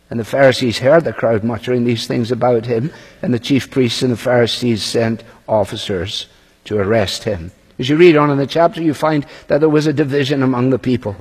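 A man's voice: medium pitch, steady tone, moderate pace, darkish tone, slightly rough. A man preaching a sermon, reading scripture aloud and commenting on it in a conversational way. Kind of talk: sermon, expository Bible teaching. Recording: long reverb of a large hall.

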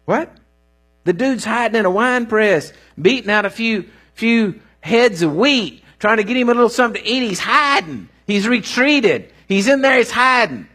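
Husky, animated preacher man. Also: very high voice, normal speed, few pauses. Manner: animated, folksy storytelling with rising bursts. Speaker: pastor. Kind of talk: sermon.

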